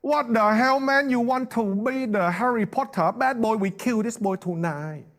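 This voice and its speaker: A man voicing a furious strict father, outraged and shouting. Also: very high voice, moderate pace, pitched above the performer's own voice.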